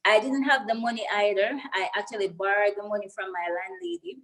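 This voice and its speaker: A woman's voice: medium pitch, animated, brisk, fairly bright tone, low-quality recording. A young Jamaican woman being interviewed about her life. She speaks earnestly and openly in a medium voice, with feeling close to the surface as she recounts her story. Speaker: guest.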